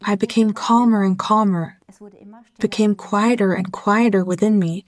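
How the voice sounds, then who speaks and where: Speaking slowly and with feeling, a middle-aged German woman being interviewed offers short, reflective phrases. Her voice is mid-range and steady in tone.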